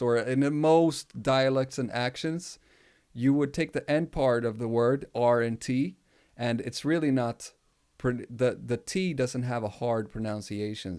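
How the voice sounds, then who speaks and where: A man's voice: mid-range voice, darkish tone, clear, resonant tone. A man chatting loosely on a livestream, rambling, laughing often and swearing freely. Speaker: music producer livestream host. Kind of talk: casual livestream chat.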